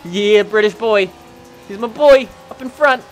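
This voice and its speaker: A young man from Canada giving rambling, excitable let's-play commentary over a racing game, often jumping into high yelps. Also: unhurried, soft background music. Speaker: gaming channel host.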